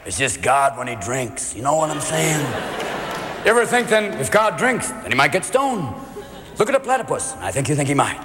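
A man doing a stand-up routine, animated and slipping into gruff character voices. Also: on the high side, normal speed, noisy background. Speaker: stand-up comedian. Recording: live club with long reverb, loud crowd. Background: laughing audience.

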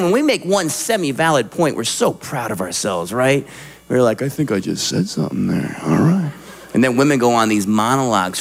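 A man performing stand-up comedy, animated and acting out little voices for his jokes. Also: medium pitch. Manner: animated, acts out voices for the punchlines.

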